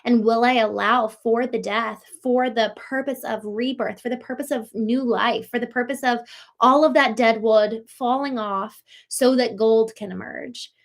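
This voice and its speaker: A woman's voice: fairly high pitch, fairly even intonation, measured pace, vocal fry. A woman from Maryland hosting a live show, talking through chat comments in an effusive, reflective way with lots of fillers and restarts. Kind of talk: live-stream talk answering chat comments.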